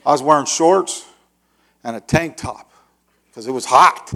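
A middle-aged male pastor telling a long story in a sermon, acting out the voices and shouting the dramatic parts. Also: on the high side, a little slow. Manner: animated, acts out voices with loud shouts.

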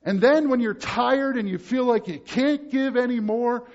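A male pastor preaching a sermon emphatically, moving between loud urgent passages and low, quiet ones. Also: a little slow, muffled recording.

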